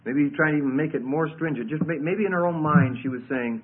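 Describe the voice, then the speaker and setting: A man's voice: fairly high pitch, fairly quick. A man teaching a Bible class in a conversational way, with frequent fillers and restarts, taking questions from listeners. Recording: tinny phone-like lo-fi recording.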